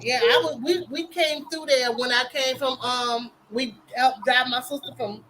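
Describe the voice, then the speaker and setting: Bright high-voiced woman hosting. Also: steady tone, moderate pace, a little hiss or hum, poor audio. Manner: laughs through her stories. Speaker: host. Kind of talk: live game show chat.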